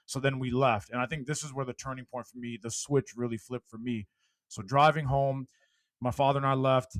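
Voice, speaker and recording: A man in an interview, telling his own story with lively energy that rises and falls. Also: medium pitch, brisk, no echo. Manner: animated, gets loud and laughs when telling a punchline. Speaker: guest speaker.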